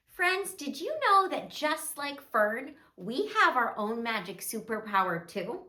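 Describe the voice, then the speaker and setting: A woman hosting a children's show, telling a gentle story and leading breathing exercises in a soft sing-song manner with playful delight. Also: a little high, very animated, unhurried, few pauses, reverberant.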